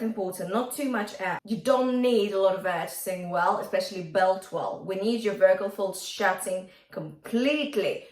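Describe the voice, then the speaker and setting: A woman vocal coach giving a singing lesson, talking viewers through exercises and singing short bright demonstration notes. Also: a little high. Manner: encouraging, addresses viewers directly, demonstrates bright twangy sung notes. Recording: roomy sound from a bit off the mic, faint music.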